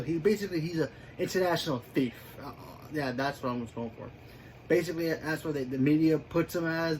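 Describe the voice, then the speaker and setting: A man's voice: mid-range voice, a little hiss or hum, low-quality recording. A man giving a casual spoken movie review, rambling with many fillers and restarts.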